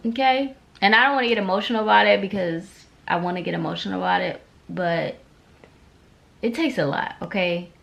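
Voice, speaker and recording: A chatty woman vlogger with a somewhat low voice talks casually to camera. She keeps checking in with her viewers as she goes, in an easy conversational way. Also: creaky, a bit bright. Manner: chatty, speaks straight to viewers with frequent "okay?" and "y'all". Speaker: esthetician and beauty vlogger.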